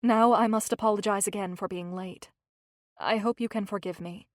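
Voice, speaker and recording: Brief: a lively, teasing young woman assistant in an audiobook, read by a female narrator, bright and chatty, with a dry sound. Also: mid-range voice, moderate pace, dry recording, natural voice. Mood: subdued. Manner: chatty and warm-witted.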